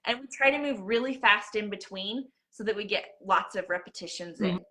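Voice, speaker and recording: A woman's voice: mid-range voice, fairly quick, sharp tone. A woman hosting a casual chat about teaching children, enthusiastic and full of praise. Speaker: host.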